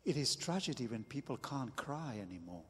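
A man preaching a sermon as pastor, slow and deliberate with emphatic bursts. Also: mid-range voice, sing-song, slightly rough, big-room sound.

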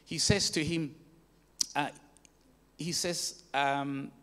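A man's voice: a little high, steady tone, extremely slow, sharp tone. A man giving a sermon, telling a story with many fillers and restarts and rising emphatic peaks, in a church hall. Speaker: preacher.

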